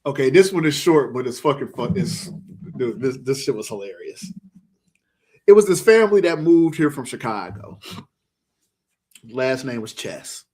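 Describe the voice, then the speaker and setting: A man's voice: mid-range voice, lively intonation, normal speed, pauses often, a little mellow. A man in casual chat, telling a story in slangy, profane speech. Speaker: podcast co-host.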